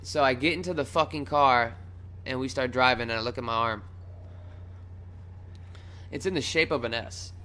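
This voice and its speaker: A young man casually telling a wild personal story on his vlog, swearing freely, rambling, and acting out his own shouts. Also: mid-range voice, moderate pace, pauses often, slight background noise. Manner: loose and profane, acts out his own shouts.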